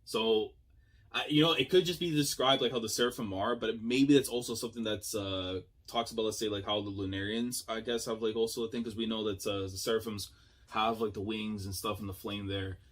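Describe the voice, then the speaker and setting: A man giving casual, excitable reaction commentary as a YouTuber, thinking aloud with slang and frequent laughs. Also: lowish voice, a little fast.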